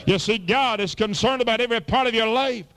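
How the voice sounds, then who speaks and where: A man preaching with a drawl, his voice sitting high and bright. He works the congregation with fervent appeals, dropping to low murmurs and climbing back up. It is the steady rhythm of a pastor delivering a full sermon. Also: brisk.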